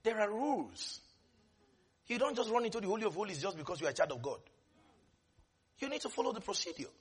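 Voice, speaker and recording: A man preaching a sermon, animated, breaking into shouts and laughs between hushed asides. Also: high-pitched, fast, husky.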